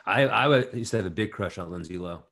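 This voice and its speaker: A young man co-hosting a podcast, joking around in casual chat and riffing bits with quick restarts. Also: sits low, animated, fairly bright tone. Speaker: podcast co-host.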